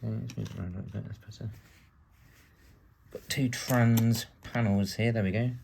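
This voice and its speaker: Working through a build, this UK man talks in a lowish, gravelly voice with fairly even intonation and a moderate pace. As a British vlogger, he keeps up casual, chatty narration peppered with wry remarks, over background noise.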